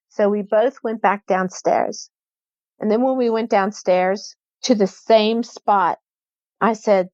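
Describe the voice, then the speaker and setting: Woman telling her haunted house story on a podcast, slow and lively, acts out the quotes, dry slightly dull audio. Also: medium pitch, no echo. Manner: animated, acts out quoted dialogue. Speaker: guest recounting a haunting.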